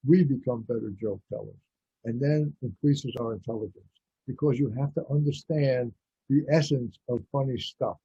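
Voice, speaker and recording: Male radio host, rambling, blunt, opinionated, husky, dry dull lo-fi sound. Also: mid-range voice, moderate pace, warm tone, no echo. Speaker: radio talk show host. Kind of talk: casual radio monologue.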